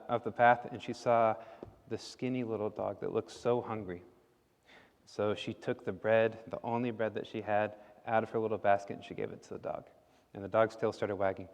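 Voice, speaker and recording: A man's voice: lowish voice, fairly even intonation, moderate pace. Playful man telling kids a story. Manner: playful, asks the children questions. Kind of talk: children's story time in a service. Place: church sanctuary. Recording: echoey hall.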